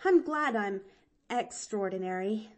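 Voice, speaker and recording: A woman's voice: mid-range voice, expressive, unhurried, close to an everyday voice. A woman reading an audiobook, voicing a cheerful, chattering little girl who rambles breathlessly.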